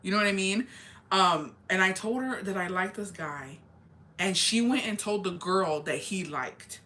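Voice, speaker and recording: A woman's voice: mid-range voice, a little slow, bright, forceful tone, a little hiss or hum. A young woman telling a casual storytime confession, rambling and swearing, with lots of fillers, often laughing at herself. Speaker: vlogger.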